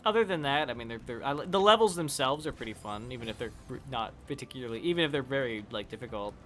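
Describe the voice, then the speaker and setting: A man's voice: mid-range voice, expressive, fast, a bit bright, faint music behind. A man chatting casually with viewers while playing a game on a live stream, rambling and swearing when he fails.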